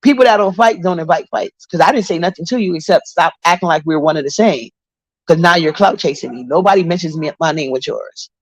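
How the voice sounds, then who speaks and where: A woman's voice: sits low, a little fast, slightly rough, no room sound. A woman from Brooklyn, hosting a casual livestream. She tells gossip bluntly, swears, and greets viewers by name from her apartment. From Brooklyn, New York. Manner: blunt, profane, gossipy storytelling. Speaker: livestream host. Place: home apartment.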